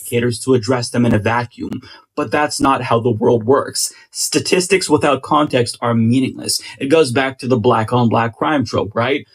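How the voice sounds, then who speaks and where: A man on a debate panel lays out his argument in a measured, explanatory tone. His voice is mid-pitched and husky.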